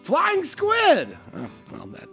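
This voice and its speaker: A man's voice: very high-pitched, wildly swooping pitch, takes it slowly, gravelly, music in the background. A man hosting a comedy podcast, chatting casually and self-correcting often. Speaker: podcast host.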